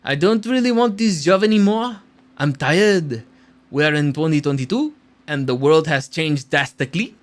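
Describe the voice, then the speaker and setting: A man's voice: on the high side, expressive, normal speed, lightly acted. A man voicing a tired, disillusioned French-speaking filmmaker in a put-on French accent, with a heavy, mock-somber delivery. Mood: weary.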